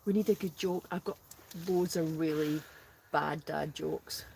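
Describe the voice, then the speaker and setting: A woman's voice: deep voice, steady tone, a little slow, vocal fry, a little mellow. Woman chatting away in a noisy tent, reads out comments, laughs a lot. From Scotland. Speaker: guest, host's sister. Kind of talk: casual live stream chat. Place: inside a smoky tent.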